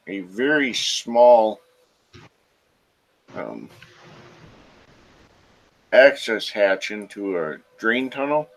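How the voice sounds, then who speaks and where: A man running a tabletop game as game master, narrating the scene in an unhurried way with frequent fillers. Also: medium pitch, poor audio.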